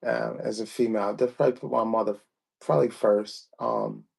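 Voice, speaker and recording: A man hosting a podcast, asking questions slowly and carefully with frequent fillers. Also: lowish voice, fairly even intonation, creaky, husky. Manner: slow, measured questions with fillers. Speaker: podcast host. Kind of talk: casual podcast interview.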